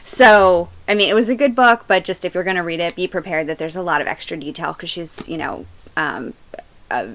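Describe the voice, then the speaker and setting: Rambling through casual conversation with many fillers and restarts, a woman co-hosts a podcast. Her fairly low, slightly bright voice moves briskly, and the recording quality is low.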